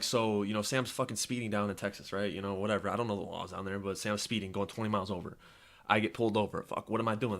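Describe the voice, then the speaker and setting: A man's voice: fairly low pitch, a bit bright. A young man hosting a podcast, delivering a heated, profane political rant and repeating his points. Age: young adult. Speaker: podcast host.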